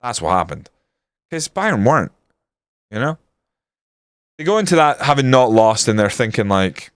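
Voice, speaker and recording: A man live-streaming a football management game, swearing often and reacting loudly to the match as he chats with viewers. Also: mid-range voice, sing-song, moderate pace, pauses often, clean tone, no room sound, studio quality.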